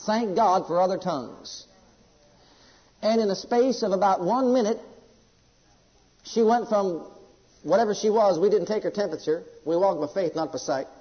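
Speaking at a normal speed with long pauses, a pastor whose voice sits high preaches a sermon, emphatically sharing personal stories with the congregation. It's recorded in an echoey hall with dull, lo-fi quality.

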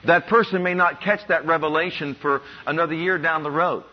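A man preaching a sermon as pastor, reading scripture slowly and telling stories from his own life. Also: fairly high pitch, fairly even intonation. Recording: muffled lo-fi sermon recording.

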